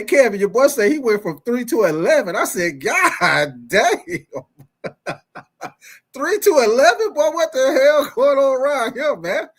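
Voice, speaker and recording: A young man with a drawl hosts a loose sports talk show in a fairly high voice. He rambles in an animated way, laughs often and circles back to repeat his lines as he calls out to viewers. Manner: animated, laughing often, repeats phrases, reads live chat. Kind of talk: casual chat.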